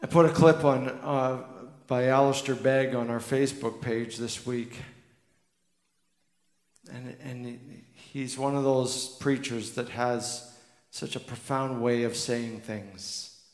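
A man's voice: mid-range voice, fairly even intonation, slow, darkish tone. A man preaching a sermon as pastor, earnest and emphatic, repeating key lines for weight. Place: church sanctuary. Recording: echoey church hall with long reverb.

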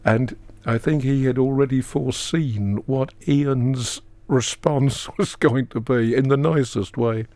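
A man telling a personal story as a talk show guest, earnest and slowing down for emphasis. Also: medium pitch, a little mellow, no room sound. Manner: earnest, dramatic pauses, acts out quotes; slows for emphasis.

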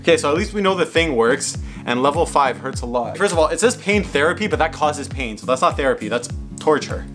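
A young man hosting his own vlog in a fairly high voice, talking straight to his viewers. He is excitable, jumps from mock disgust to loud yelps, and swears casually. Faint music plays under him. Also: a little fast. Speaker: YouTube host.

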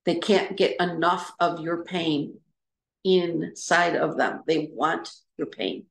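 Gravelly-voiced woman recounting hurt. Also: sits low, steady tone, takes it slowly, roomy sound. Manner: reflective, hesitant restarts. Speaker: trauma recovery speaker. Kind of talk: informal personal talk.

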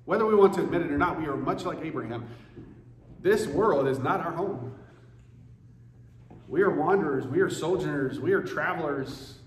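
A pastor preaches in an earnest, conversational way, his man's voice sitting a little high. The sound rings with the reverb of a church sanctuary, and faint background noise sits under it. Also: animated, normal speed, long pauses. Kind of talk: sermon.

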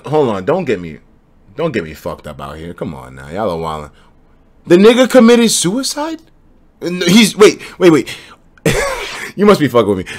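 A man hosting a live stream, chatting casually and reacting loudly to viewer messages, laughing often. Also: medium pitch, moderate pace, pauses often, a little hiss or hum. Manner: animated, swings from mumbling to loud disbelief, laughs often. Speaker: livestreamer. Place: home streaming setup.

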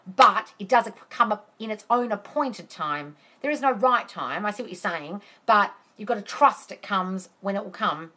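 A woman's voice: mid-range voice, bright, forceful tone. A woman coaching on a live stream, answering viewers' comments bluntly, swearing freely and calling them darling. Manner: blunt and profane, exasperated rants. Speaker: manifestation coach.

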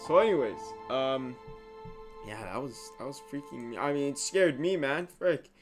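A man's voice: mid-range voice, lively intonation, normal speed, music in the background. A man giving casual reaction commentary on horror shorts, jumpy and slangy, yelping and swearing when startled.

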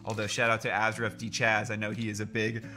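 A host of a card-opening channel, chatting casually like a fan while reading out card names, and bursting into loud excitement over rare pulls. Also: mid-range voice, fairly quick, slight background noise. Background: background music.

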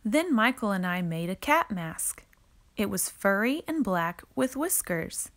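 Woman slowly reading a picture book aloud. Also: mid-range voice. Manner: slow, expressive read-aloud delivery. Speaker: reader.

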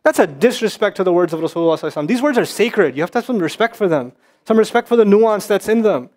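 A man's voice: high-pitched, expressive, darkish tone. A man giving a religious lecture to an audience, impassioned and emphatic, repeating points and rising to scolding. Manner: quick, emphatic repetitions. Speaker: Islamic speaker.

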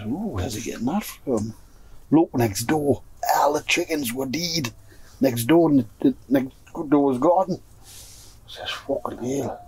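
A man with a Geordie accent telling a rude, animated story to friends in a pigeon loft, swearing freely and acting out what everyone said. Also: mid-range voice, husky, dry recording. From North East England. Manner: profane, animated, acts out dialogue. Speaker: pigeon fancier. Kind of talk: casual storytelling among friends. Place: pigeon loft shed, indoors.

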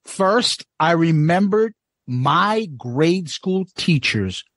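Podcast co-host, 40s, from the Boston area; high, animated, husky voice, dry close mic. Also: male voice, drawn-out words, no echo. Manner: lively storyteller, laughs often. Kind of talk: casual podcast chat.

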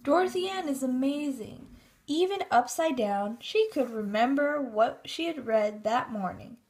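A woman narrating a children's storybook in a steady, expressive reading. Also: sits high, a little slow.

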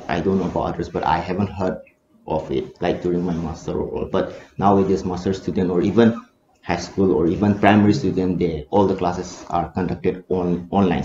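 A man's voice: sits low, mellow, a little hiss or hum. A man with a Manipuri English accent, a research scholar answering in a seminar discussion, talking hesitantly with many fillers and restarts. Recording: echoey room, dull lo-fi sound.

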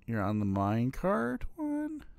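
A man's voice: mid-range voice, huge pitch swings, unhurried, vocal fry, darkish tone. A man hosting a gaming channel, giving casual gameplay commentary, muttering and sighing at his own failures.

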